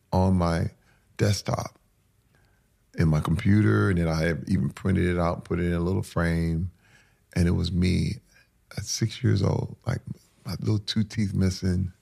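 Gravelly, husky man speaking earnestly. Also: low-pitched, a little mellow. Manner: earnest, heartfelt storytelling. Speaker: interview guest. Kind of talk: candid interview conversation.

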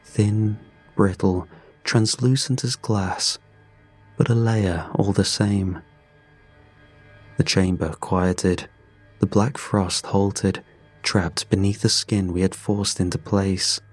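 Deep, slow male storyteller. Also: steady tone, faint music behind. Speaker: narrator. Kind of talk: scripted story narration.

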